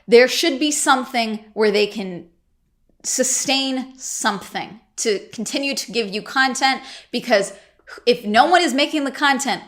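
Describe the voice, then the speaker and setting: A woman's voice: a little high, measured pace, a bit bright. A woman vlogger ranting to camera, getting worked up and exasperated, swearing freely. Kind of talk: casual ranting vlog.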